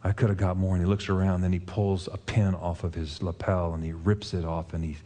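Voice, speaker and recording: A man preaching a sermon as pastor, earnestly retelling a film scene and dropping to a soft, intense voice at moving points. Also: low-pitched, flat delivery, a little fast.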